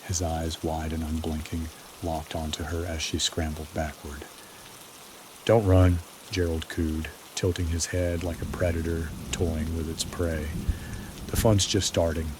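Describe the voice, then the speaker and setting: Man, very deep voice, slow ominous storytelling, bedtime horror narration, faint rain behind. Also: monotone, background noise.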